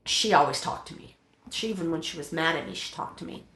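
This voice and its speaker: A middle-aged woman telling her personal testimony in an interview, halting, with many fillers and restarts. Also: low voice, fairly bright tone, roomy sound, slight background noise.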